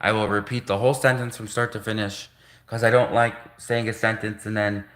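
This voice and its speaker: A man hosting a casual livestream, talking in halting bursts and slowly sounding out practice phrases in a language he is learning. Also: lowish voice, little pitch movement, fairly bright tone. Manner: halting, restarts, slow careful reading of foreign phrases. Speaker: livestream host.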